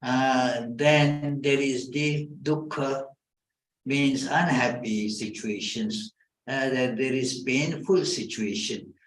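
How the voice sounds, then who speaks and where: Male swami, spiritual lecture, very slow, halting with lots of fillers, roomy echoing hall. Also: medium pitch. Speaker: swami giving a talk.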